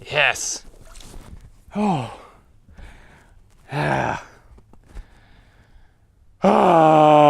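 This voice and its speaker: A man filming his own fishing trip outdoors on a lake, talking to himself and exclaiming loudly as things go wrong and right. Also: high-pitched, slow, long pauses, smooth, no echo. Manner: excitable, exclaims and shouts often. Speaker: fishing vlogger. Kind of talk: self-filmed fishing vlog.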